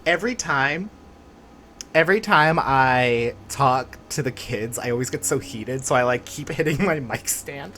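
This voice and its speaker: A woman's voice: a bass voice, a little slow, fairly bright tone, a little hiss or hum. A woman hosting a let's play, chatting casually and self-deprecatingly while playing. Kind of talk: casual gameplay commentary.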